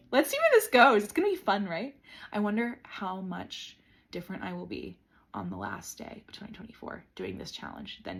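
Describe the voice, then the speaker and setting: A young woman talking alone to her camera while sitting on the floor at home, bubbly and effusive, swinging between loud bursts and hushed asides. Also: lowish voice, gravelly, slightly rough. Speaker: vlogger. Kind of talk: casual solo talk to camera.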